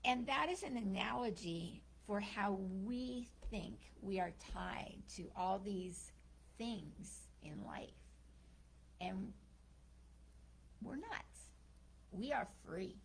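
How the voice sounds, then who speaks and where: Gravelly-voiced woman telling a sermon story. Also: medium pitch, slow pace, a little hiss or hum, poor audio. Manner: lively storyteller, acts out characters' lines. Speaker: minister.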